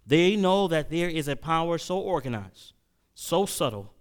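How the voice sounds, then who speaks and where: A male preacher giving a sermon-style lecture, often restarting his phrases and building to loud, emphatic bursts. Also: a little high, lively intonation, unhurried, clear, resonant tone. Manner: repeats and restarts while reading quotes aloud.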